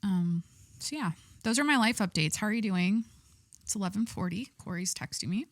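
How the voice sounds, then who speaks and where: Young adult woman, podcast host; candid, rambling casual chat, middle pitch, dry close recording. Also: expressive, normal speed, dry recording. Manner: rambling, candid, lots of "like" fillers.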